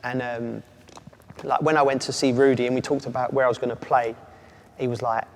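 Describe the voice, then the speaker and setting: A man, a former footballer telling animated stories as an interview guest. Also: mid-range voice, brisk. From England. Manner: animated storyteller, does voices and laughs. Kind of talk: casual chat. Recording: long reverb, faint ambient noise.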